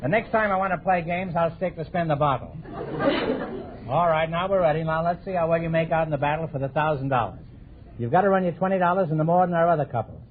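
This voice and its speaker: Fast-talking quiz host, high voice, joking, lo-fi noisy old radio recording. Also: male voice, some chatter behind. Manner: wisecracking, quick with jokes. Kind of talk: 1950s radio quiz show banter.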